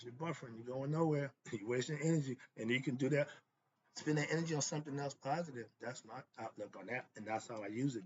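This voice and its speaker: A man's voice: on the high side, sharp tone, dull audio, slight background noise. A man giving a motivational philosophy talk, emphatic and preachy, in casual slang, answering his own rhetorical questions. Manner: casual street slang, laughs often. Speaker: host.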